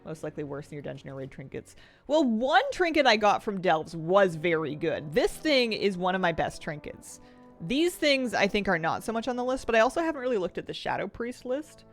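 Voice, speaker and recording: Lively, gravelly woman streamer. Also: mid-range voice, a little fast, faint music behind. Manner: chatty and rambling, thinks aloud, laughs easily. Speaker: game streamer. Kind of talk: casual live-stream chat while gaming.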